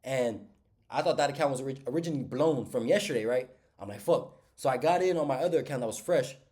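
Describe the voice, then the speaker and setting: Congested man, fast casual talk, mid-pitched voice, slangy trade recap vlog. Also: lively intonation, a little mellow. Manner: casual, slangy, addresses viewers as y'all.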